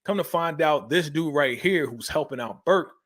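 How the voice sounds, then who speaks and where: A man's voice: fairly high pitch, normal speed, fairly bright tone. Slangy man recapping a TV episode. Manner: slangy, retells scenes by voicing quotes. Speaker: TV show recap host.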